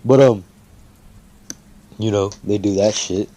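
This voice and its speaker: A man's voice: lowish voice, takes it slowly, mellow, slight background noise. A man casually making up and telling a fan story, rambling with lots of fillers and swearing freely.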